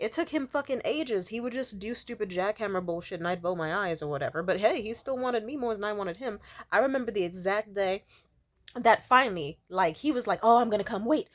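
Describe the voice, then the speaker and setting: A woman's voice: mid-range voice, fairly bright tone. Brash, laughing young woman vlogger. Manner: brash, profane and laughing often. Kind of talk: casual storytelling to camera.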